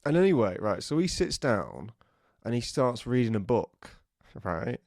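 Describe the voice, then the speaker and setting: A man's voice: medium pitch, a little slow, no room sound. A man co-hosting a podcast, spinning a funny anecdote. He throws himself into it, acting out other people's voices and humming little tunes. The sound is dry and close to the mic. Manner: animated, acts out voices and sounds. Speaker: podcast co-host. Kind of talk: comic storytelling.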